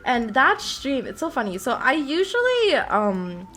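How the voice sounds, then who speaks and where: A woman's voice: sits high, wildly swooping pitch, unhurried, fairly bright tone, faint music behind. A young woman streamer in casual chat, rambling and giggling often as she talks.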